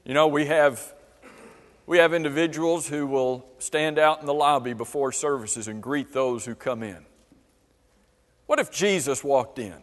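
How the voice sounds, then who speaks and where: A man's voice: fairly high pitch, a little slow. A man teaching a church Bible class, asking the class question after question. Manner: asks the class many questions. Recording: long reverb of a church hall.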